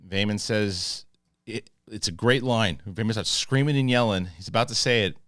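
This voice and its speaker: Male TV reviewer, very low voice, dry booth sound; casual, salty recapper who rambles and acts out scenes. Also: fairly bright tone, dry recording. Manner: profane, acts out scenes in quick paraphrased quotes; rambling with restarts when moved. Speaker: film and TV reviewer.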